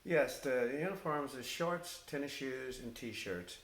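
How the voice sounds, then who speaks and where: Older man, former firefighter, oral-history storytelling, halting with fillers, echoey room. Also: mid-range voice. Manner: halting, with many fillers and restarts, animated when quoting others. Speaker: retired firefighter recounting his career. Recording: echoey room with faint hiss.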